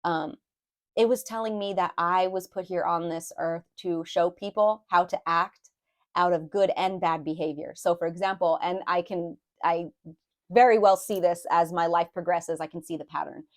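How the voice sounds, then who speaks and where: A woman's voice: lowish voice, fairly even intonation, normal speed. A woman giving a casual spoken tarot reading, rambling and confiding, with many fillers and restarts, openly emotional as she talks about her own feelings. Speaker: tarot reader.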